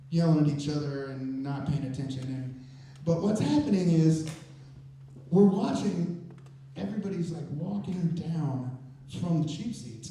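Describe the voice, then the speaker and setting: A man with a fairly high but mellow voice, telling a true story live on stage in an animated, chatty way. He sounds far from the mic, and the hall around him rings with heavy echo. A faint hum of the room sits underneath. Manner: animated, conversational, builds suspense. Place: stage in a performance venue. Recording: very echoey, voice from a distance.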